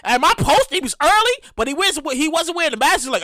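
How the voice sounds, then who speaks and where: Animated high-voiced woman podcast host. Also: quick pace, few pauses, heavy background noise. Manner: animated, profane, ranting storyteller. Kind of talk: casual solo podcast monologue.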